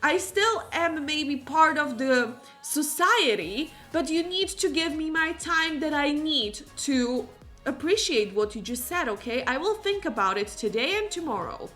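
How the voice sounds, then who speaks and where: A woman playing an anxious young man in a life-sim game, torn and apologetic, with a softer, lower, hesitant delivery. His voice stays bright, with pleading, uncertain phrasing. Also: animated, unhurried, soft background music, exaggerated voice. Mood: defensive. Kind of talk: improvised game character dialogue.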